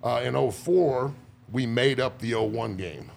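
Gravelly, profane former football player. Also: male voice, mid-range voice, unhurried, darkish tone, a little hiss or hum. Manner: profane, boisterous storytelling with frequent laughs. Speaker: podcast guest, former player. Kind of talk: casual chat.

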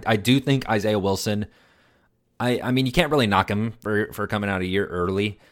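A man with a very low voice talks in a casual podcast chat, growing excitable and gushing as he goes. He repeats words and phrases, stumbling over himself when he gets carried away. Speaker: podcast co-host.

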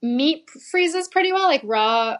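Woman podcast guest, food critic, higher voice, casual and laughing, lots of self-corrections. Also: animated, slow. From United States. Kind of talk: casual chat.

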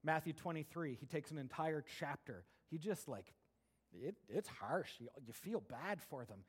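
High-voiced male pastor preaching animatedly. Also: moderate pace, slightly rough. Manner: animated preaching, swings between soft asides and raised emphatic bursts. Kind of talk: sermon.

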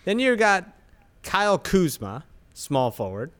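A man with a fairly high, lively voice runs down a basketball roster with dry mockery. He sounds like a podcast co-host riffing casually with his friends. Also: measured pace, clear, resonant tone. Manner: dry, mocking, reads off a roster. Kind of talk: casual sports banter.

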